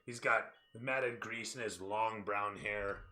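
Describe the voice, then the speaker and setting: A man's voice: on the low side, steady tone, slow, pushed and bright, a little hiss or hum. A man narrating a tabletop game as dungeon master in a casual way, with many fillers.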